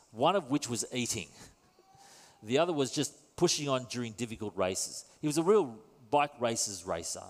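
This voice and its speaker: Wry conversational man preaching. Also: mid-range voice. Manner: conversational, wry, self-deprecating. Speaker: pastor. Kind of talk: sermon. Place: church. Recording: long reverb in a church hall.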